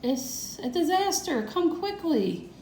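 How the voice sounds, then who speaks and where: Woman voicing an old grandfather, storybook, high shrill wail, dramatic, roomy echo. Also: expressive, takes it slowly, darkish tone, a little hiss or hum. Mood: panicked. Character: upset old grandfather who lost his teeth. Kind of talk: picture-book read-aloud. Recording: echoey room.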